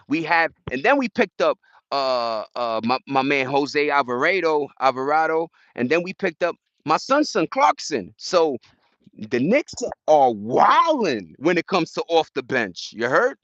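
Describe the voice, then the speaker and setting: A man's voice: fairly high pitch, a bit bright, no echo, highs cut off. A man hosting a casual livestream outdoors, chatting loosely with viewers in slang. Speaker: livestream host. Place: outdoors in a park.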